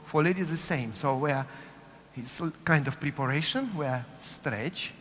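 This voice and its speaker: A man's voice: fairly high pitch, a little slow, fairly bright tone. A man with a Russian accent teaching a dance workshop, chanting cue words in rhythm and checking in with "yes?" as he goes. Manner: coaching rhythmically, repeats cue words, asks "yes?" often. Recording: long hall reverb, faint room noise.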